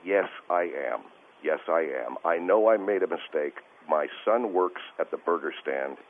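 Husky deep-voiced man on a phone line. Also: expressive, normal speed. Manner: defensive, rambling, stammering. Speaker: caller. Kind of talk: call-in radio conversation. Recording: phone-line call audio.

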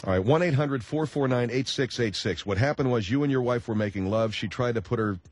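A man hosting a radio talk show, speaking in a deadpan, halting way with many pauses. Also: medium pitch, no echo.

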